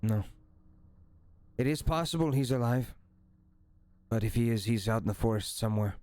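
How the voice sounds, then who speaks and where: A man voicing a male lizard folk hunter, gruff and blunt, who talks in terse, clipped sentences. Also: mid-range voice, moderate pace, a little mellow, no echo, natural voice.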